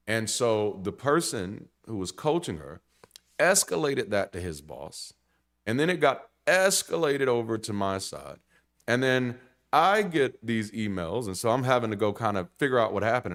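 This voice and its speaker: A man preaching in a conversational sermon style, blunt and animated, swearing casually and restarting sentences. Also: on the low side. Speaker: pastor.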